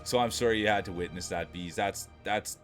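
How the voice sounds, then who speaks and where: A man's voice: lowish voice, fairly quick, faint music behind. A man livestreaming, talking casually and playfully with his chat, laughing often.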